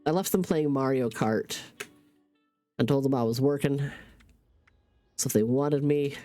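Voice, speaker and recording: Casual game streamer, congested from a cold, chatty and self-narrating, soft music underneath. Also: medium pitch, unhurried. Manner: chatty, talks through each in-game task aloud. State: stuffy nose from a cold. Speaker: livestreamer. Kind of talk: casual gaming stream chat.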